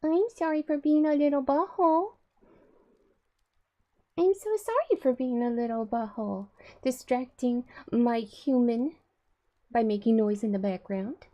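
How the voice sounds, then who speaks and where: A woman's voice: a little high, unhurried, long pauses, warm tone, muffled recording, voice pushed up, natural voice. A woman voicing her mischievous, unrepentant house cat in a fake-apologetic, gleeful way. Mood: mock-sorry.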